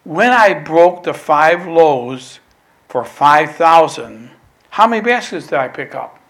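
A patient male teacher asking pointed questions , as a preacher acts him out in his sermon. The voice is slow and sits a little high. It grows soft as the rebuke lands. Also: expressive, exaggerated voice. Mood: questioning.

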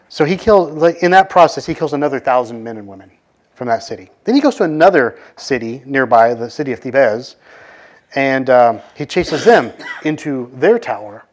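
A man retelling an old scripture story in a loose, conversational way, full of fillers and quick voiced quotes of the characters. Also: mid-range voice, expressive. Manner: conversational, many fillers, acts out quoted lines. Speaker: bible teacher. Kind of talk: casual storytelling of a scripture passage.

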